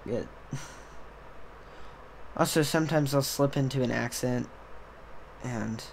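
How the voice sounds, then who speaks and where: Speaking slowly in a mid-range voice with vocal fry, a young podcast host rambles casually, trailing off, self-interrupting, and starting over. There's a slight hiss or hum in the background.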